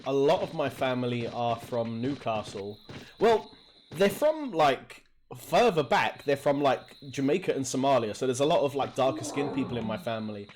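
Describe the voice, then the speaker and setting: A man from Hackney in London giving casual, jokey commentary as he plays a video game, often laughing and getting excited. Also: mid-range voice, moderate pace. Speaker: let's play gamer. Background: game music.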